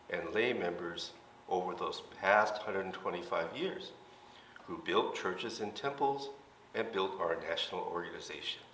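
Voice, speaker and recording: A seventy-year-old man, a minister, explaining things gently and patiently in a light comedic skit. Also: low voice, slight background noise. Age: 70s. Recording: roomy hall, mic at a distance.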